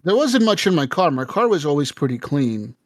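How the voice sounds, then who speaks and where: On a podcast, a male co-host with a higher voice and big pitch swings talks a little fast as he tells a story full of cursing and laughter, performing the quotes. The studio-quality recording is dry.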